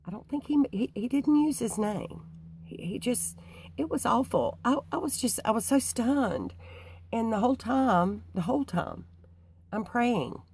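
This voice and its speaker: A woman telling a personal story to her viewers, halting with many restarts and fillers. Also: on the high side, big pitch swings, creaky, a little mellow, husky. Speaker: YouTuber.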